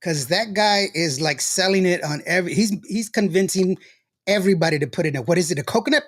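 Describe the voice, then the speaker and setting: A man's voice: sits high, fast talker, fairly bright tone. A man hosting a casual show, chatty and laughing often as he tells stories. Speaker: show host. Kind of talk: casual livestream chat.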